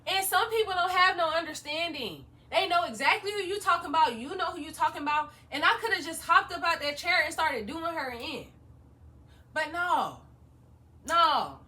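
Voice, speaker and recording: A young woman vlogger telling a story in an animated, slangy way, laughing often. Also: extremely high pitch, normal speed, recorded from a distance. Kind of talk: storytime vlog.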